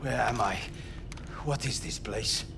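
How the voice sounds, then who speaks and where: A cold, clinical scientist in a video game. He talks in a measured, formal way, at an ordinary pitch, and a clear hiss sits under the game audio. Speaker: game character.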